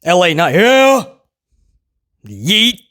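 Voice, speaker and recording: A man reviewing a wrestling show in casual, sarcastic commentary. His pitch swings widely as he mocks and chuckles at his own jokes. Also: huge pitch swings, extremely slow, sharp tone. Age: adult who was a kid in the late 1990s.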